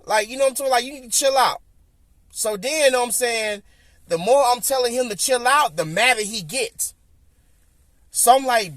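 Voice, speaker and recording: Southern guy on a podcast telling a story, pretty high voice, real dry close mic, keeps repeating himself. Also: normal speed, dry recording. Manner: animated, repeats himself, acts out quotes. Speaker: podcast host. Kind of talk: casual storytelling.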